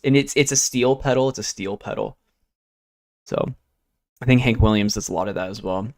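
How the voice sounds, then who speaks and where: A young streamer rambling easygoing as he works, swearing casually along the way. His voice sits low with a gravelly creak. The sound is dry and close. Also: no room sound. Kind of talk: casual chat while working.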